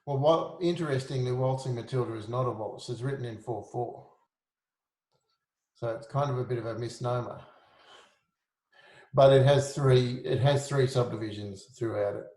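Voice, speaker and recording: A male music teacher of middle pitch talks through rhythm in an easygoing, self-deprecating way and sings the beats on "da". His voice carries a roomy echo. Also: brisk, a little mellow. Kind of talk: informal music lesson.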